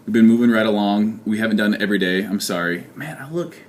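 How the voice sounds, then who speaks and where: A man's voice: lowish voice, steady tone, fast, a little hiss or hum. A young man talking casually in a video diary, joking and poking fun at himself as he rambles. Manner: joking, rambling, self-mocking. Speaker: fitness vlogger. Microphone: handheld camera.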